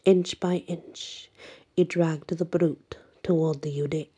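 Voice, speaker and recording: Low, slow, whispery woman storyteller. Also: steady tone, mellow. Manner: dramatic, often sinking to a breathy whisper. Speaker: narrator. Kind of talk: reading a folk legend aloud.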